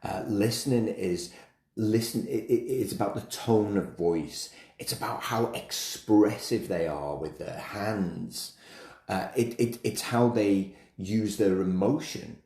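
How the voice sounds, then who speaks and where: A man's voice: lowish voice, slow, darkish tone, reverberant. A man hosting a solo podcast, talking conversationally with frequent restarts and repeated words. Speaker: podcast host.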